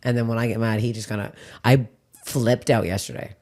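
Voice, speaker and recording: A woman's voice: a bass voice, brisk. Laughing, swearing woman podcast host. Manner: animated storyteller, swears, laughs often. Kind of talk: casual chat.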